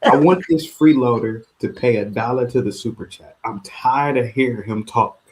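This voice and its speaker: A man's voice: medium pitch, normal speed. A man on a call-in livestream panel, ranting and repeating himself in heated casual talk.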